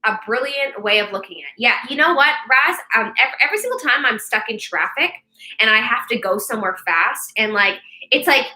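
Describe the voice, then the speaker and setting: A young woman with a bright, forceful voice pitched a little high chats on her live meditation stream. She is upbeat and talkative, and she often restarts her sentences or fills pauses with "like" and "you know.". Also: lively intonation, poor audio. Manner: chatty and upbeat, with many fillers and restarts. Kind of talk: casual live-stream chat.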